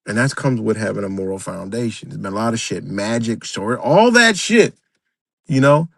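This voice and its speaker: A man's voice: on the low side, animated, normal speed, gravelly, a bit bright, no echo, clean studio sound. A man hosting a livestream, ranting unscripted, profane and emphatic, repeating himself and talking straight to his viewers. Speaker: livestream host.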